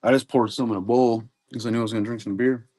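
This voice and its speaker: Running his live card-break stream, this man talks fast in a mid-range voice that's darkish with a breathy edge. His intonation stays fairly even as he rambles casually, dropping the occasional swear word.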